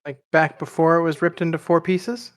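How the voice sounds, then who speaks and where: A man's voice: on the high side, fairly even intonation, moderate pace. A man playing a tabletop game, casually asking questions with some stammering. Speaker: player.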